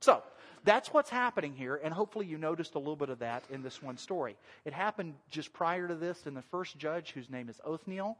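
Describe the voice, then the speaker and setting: A male pastor preaching a sermon in a church, talking in a conversational, animated way and joking with the congregation. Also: on the high side, fairly quick. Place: church sanctuary. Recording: long reverb of a large hall.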